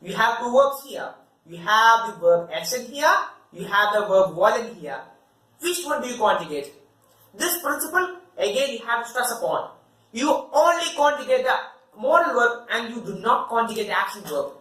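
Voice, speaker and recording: A woman teaching German grammar, explaining step by step and saying German example sentences slowly and deliberately. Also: a little high, big pitch swings, a bit bright, distant mic. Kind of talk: language lesson explanation. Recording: echoey room, voice away from the mic.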